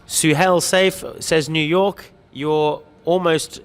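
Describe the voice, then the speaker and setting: Male livestream host, friendly and chatty, slightly raised pitch, long hall echo on the track. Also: fairly even intonation, takes it slowly, clean tone. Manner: chatty, greets viewers by name, light joking. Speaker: livestream host reading viewer comments. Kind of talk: upbeat live-stream chat.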